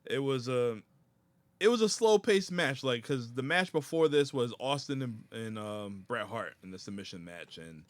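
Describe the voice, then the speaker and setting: A man on a podcast, casually recounting a wrestling match and acting out loud quotes. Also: mid-range voice, animated, moderate pace, no echo. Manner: laid-back storytelling with loud acted quotes. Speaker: podcast host. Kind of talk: casual chat.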